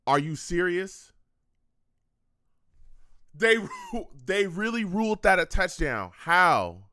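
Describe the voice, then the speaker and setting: A young man running a live game reaction stream, his fairly high voice swinging up and down with lots of life. He talks in short repeated bursts, griping and calling out to his chat. The sound is close and dry, with no room around it. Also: wildly swooping pitch, slow pace, bright, forceful tone, dry recording. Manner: frustrated, repetitive, talks to the chat. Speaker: fan show host reacting to a live game.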